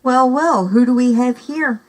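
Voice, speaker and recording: A woman reading aloud and voicing a menacing male villain who speaks softly and scornfully. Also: a little high, a little slow, soft background music, voice pushed up, close to an everyday voice, rough recording.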